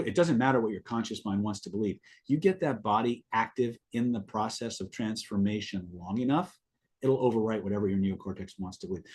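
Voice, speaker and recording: A middle-aged man with a lowish, slightly rough voice hosts a live stream and answers viewers. He tells a rambling personal story in casual talk, repeating words as he goes.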